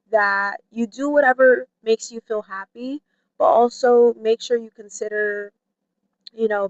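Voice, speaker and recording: A woman vlogger talking candidly to camera in a chatty way, full of "like" and "you know", who mimics her friends in a high playful voice. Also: clean tone, no room sound, muffled recording. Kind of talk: candid personal talk to camera.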